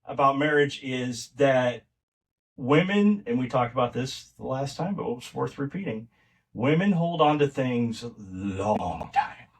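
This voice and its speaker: A man's voice: medium pitch, animated, measured pace. Middle-aged man, podcast guest, casual rambling storytelling, distant mic. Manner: rambling, many restarts and fillers.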